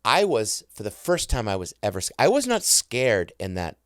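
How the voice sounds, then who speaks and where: Lively middle-aged man telling stories. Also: fairly low pitch, moderate pace, no echo, studio quality. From United States. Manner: excitable, self-interrupting, mimics sounds. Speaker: guest. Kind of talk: animated storytelling.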